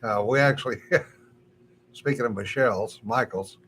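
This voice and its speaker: A man's voice: medium pitch, normal speed, fairly bright tone, a little hiss or hum. An older man co-hosting a casual podcast, telling rambling stories and chuckling often. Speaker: podcast co-host. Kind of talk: casual chat.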